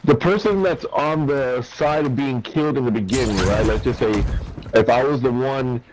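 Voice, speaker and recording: A man's voice: medium pitch, moderate pace, darkish tone, a little hiss or hum, poor audio. A man in casual gaming chat who rambles and repeats himself while explaining. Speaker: gamer streaming with a friend.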